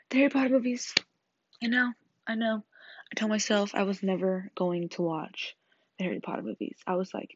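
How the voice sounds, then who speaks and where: A young woman rambling casually in a vlog, excitable and swearing freely. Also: on the low side, moderate pace, pauses often, no room sound, muffled recording. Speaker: vlogger. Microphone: earbud headset mic.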